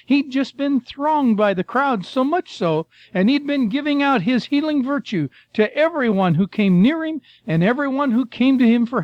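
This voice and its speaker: Older guy preaching, folksy storyteller, high-pitched, dull dry recording. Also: darkish tone, no room sound. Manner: folksy, storytelling, addresses listeners as folks and friend. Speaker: preacher, former missionary. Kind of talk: sermon with Bible reading.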